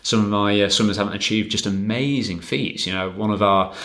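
A man from the United Kingdom, a swim coach, chatting casually in an interview and telling stories in a rambling, animated way. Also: lowish voice, fairly quick.

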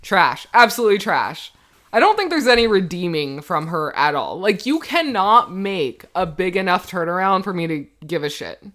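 A woman's voice: fairly low pitch, sing-song, moderate pace, a bit bright. A young woman co-hosting a podcast, giving casual, indignant opinions on a reality show and laughing often. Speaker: podcast co-host.

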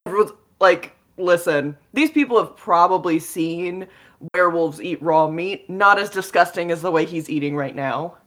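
A young woman plays in a tabletop game, rambling casually with many fillers. Her voice sits a little low for a woman. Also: moderate pace, a bit bright. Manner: rambling, lots of likes and ums. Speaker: player. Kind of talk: casual tabletop role-play.

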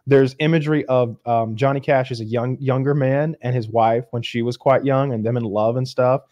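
A man chatting casually with friends, his voice sitting at an ordinary middle pitch. He rambles through a story with many restarts and swears freely. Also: fairly even intonation, normal speed, a little mellow, highs cut off. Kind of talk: casual chat.

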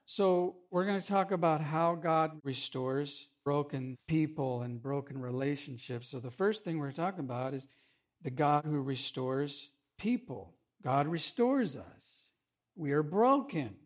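A pastor delivers a loose, conversational sermon full of jokes and quick asides to his listeners. His voice sits a bit higher than most men's. It rises and swells as he tells his stories. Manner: humorous, animated storytelling with asides.

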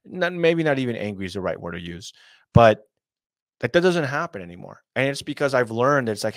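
Young male host, casual preachy rambler, mid-pitched, dry room sound. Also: sing-song, fairly quick, no echo. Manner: rambling, many fillers and asides, earnest preaching tone. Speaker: commentary show host. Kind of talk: casual commentary monologue. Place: small hot room at home.

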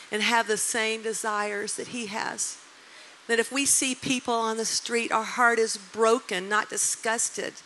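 Bright-voiced woman preacher in her sixties. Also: fairly high pitch, a little hiss or hum, poor audio. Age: 60s. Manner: animated storyteller, emotional and emphatic. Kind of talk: sermon storytelling.

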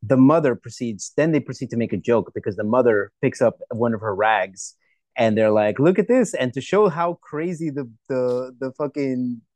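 A man's voice: medium pitch, normal speed, a little mellow, no echo. Guy cohosting a movie podcast, jokey and sweary, dry sound. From United States. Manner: profane, jokey, sarcastic. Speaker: podcast co-host. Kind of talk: casual movie-review chat.

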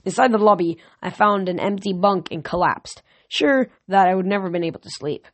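A woman's voice: medium pitch, fairly quick, no room sound. Plain-voiced woman reading a novel aloud. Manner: plain reading with small restarts. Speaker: audiobook reader.

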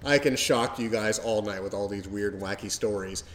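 Mellow man in his forties telling stories. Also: fairly low pitch, normal speed. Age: 40s. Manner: mellow, rambling storyteller. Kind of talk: casual chat, storytelling.

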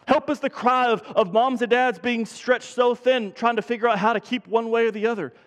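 A man's voice: very high-pitched, steady tone, fairly quick, big-room sound. A man from Texas preaching a sermon, telling stories in a conversational, self-deprecating way with frequent restarts. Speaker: pastor. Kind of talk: sermon with opening prayer. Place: church sanctuary.

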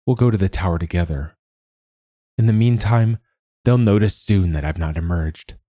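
A man's voice: low-pitched, normal speed, dark tone, no room sound, studio quality. A man voicing a stern, weary woman warrior living under a curse, speaking curtly and commandingly. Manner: curt, commanding.

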